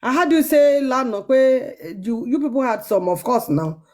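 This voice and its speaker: A woman's voice: high-pitched, expressive, normal speed, a little mellow. A woman with a Nigerian accent, an earnest caller pleading and repeating herself in a live chat.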